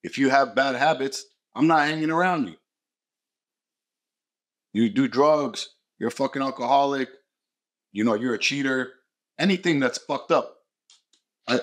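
A motivational podcast host talks bluntly and swears a lot, driving his points home with short repeated phrases. His voice is medium-pitched and a bit bright, and he speaks a little slowly with frequent pauses.

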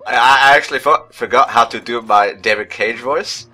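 A man's voice: mid-range voice, moderate pace, bright, forceful tone. A man doing casual, jokey co-commentary on a video game playthrough. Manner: chatty, jokey, light banter. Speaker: let's play co-commentator. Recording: game music underneath.

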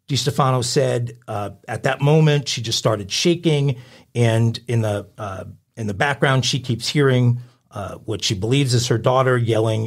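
A man's voice: medium pitch, normal speed. Male podcast co-host, casual news read, filler-heavy. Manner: reads news stories aloud with filler uhs and asides. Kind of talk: casual chat, reading crime news.

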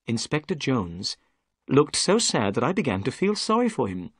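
Man, story narrator, measured clear reading, expressive pitch, dry sound. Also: no echo. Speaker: story reader. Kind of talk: graded-reader narration for English learners.

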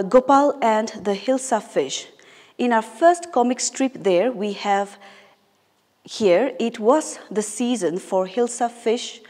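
A woman's voice: medium pitch, darkish tone. A woman English teacher from Nagaland, India, patiently explaining a story to her class and rephrasing each line. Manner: patient, explanatory, rereads and paraphrases lines. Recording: echoey room with long reverb.

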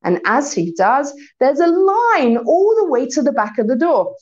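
A woman giving a religious community talk, retelling a story in an animated way. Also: high voice, measured pace, lo-fi sound. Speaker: speaker.

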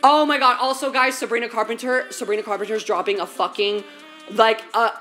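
Live-streaming from her home kitchen as she cooks, a woman talks a little fast in a slightly high, steady voice that sounds pushed and bright, with faint music in the background. She chats sassily and casually, swearing often and calling viewers baby and girl.

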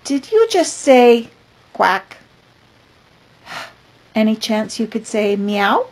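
An older woman voicing a bossy, exasperated cat in a storybook read-aloud, loud and emphatic, with a husky voice. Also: fairly high pitch, very animated, extremely slow, exaggerated voice. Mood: insistent. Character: bossy cat insisting everyone meow.

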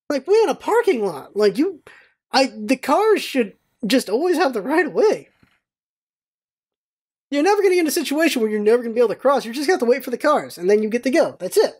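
A woman hosting a casual vlog, telling stories in an animated, rambling way with exclamations and some swearing. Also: high voice, fast, slightly rough. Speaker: vlog host.

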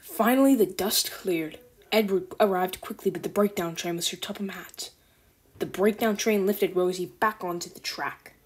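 A woman narrating a children's storybook with calm, even storytelling. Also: mid-range voice, normal speed, breathy edge. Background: background music.

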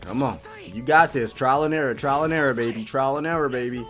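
A man giving excitable, casual reaction commentary while watching an anime, cheering and laughing often. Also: mid-range voice, a little fast, faint music behind.

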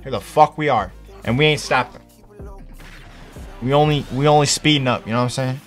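A young man streaming live, chatting casually with his viewers in an excitable, profane, hyped-up way. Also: medium pitch, brisk, soft background music. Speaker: Twitch streamer. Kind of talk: casual livestream chat.

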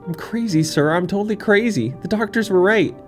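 A man voicing a frightened little girl in a game, speaking in a high, pleading voice. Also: a little fast, soft background music, natural voice.

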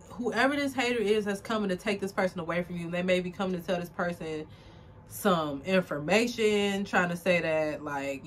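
A woman's voice: fairly low pitch, a little hiss or hum. Rambling, teary woman tarot reader. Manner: rambling, filler-heavy, emotional and tearful at times. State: close to tears. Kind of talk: casual general tarot reading to camera.

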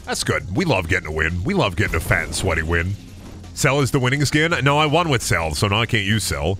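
A man's voice: low voice, very animated, a little fast, fairly bright tone, faint music behind. A young man streaming a video game, chatting casually and profanely, breaking into yelps and cheers.

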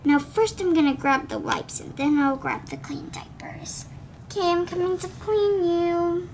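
A woman's voice: very high voice, slight background noise. A woman voicing a kind, busy daycare teacher doll in doll play, chatty and soothing toward the children. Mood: busy fussing.

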